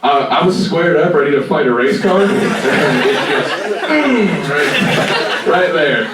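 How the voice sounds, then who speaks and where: A man's voice: a little high, animated, slow, over a noisy crowd. A man in his twenties from North Carolina doing stand-up comedy, with a rambling, filler-heavy, profane delivery. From North Carolina, USA. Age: 20s. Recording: echoey room from far off, noisy.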